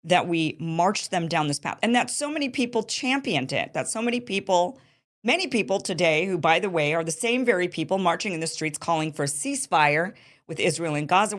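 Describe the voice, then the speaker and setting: A woman with a fairly low voice delivers a political commentary monologue. She is emphatic and indignant, and she often breaks off mid-sentence to restart a point. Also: animated, normal speed, a bit bright.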